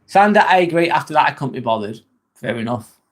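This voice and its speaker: Young English male streamer, casual chat host, relaxed and swearing, voice a touch high. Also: a little fast. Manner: chatty, swears casually, laughs often. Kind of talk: casual live chat reading comments.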